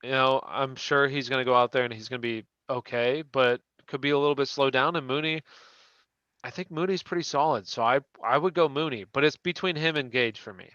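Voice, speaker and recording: A fantasy football show host runs a live Q&A stream, chatting casually and restarting sentences as he answers viewers. His medium-pitched voice is fairly quick and a bit bright, and the recording is muffled but has no room sound.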